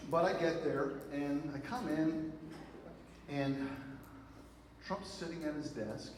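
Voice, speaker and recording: A man giving a speech to a live audience, telling stories in an animated way with lots of fillers and asides. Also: on the high side, slow. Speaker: speaker. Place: event hall with an audience. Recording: very echoey hall from far off, noisy.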